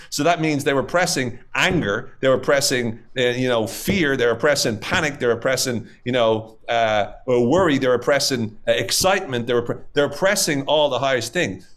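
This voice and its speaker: A man's voice: mid-range voice, fairly bright tone. A man talking as a podcast guest, explaining ideas in casual conversation, with many fillers and lists of examples. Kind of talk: casual interview talk.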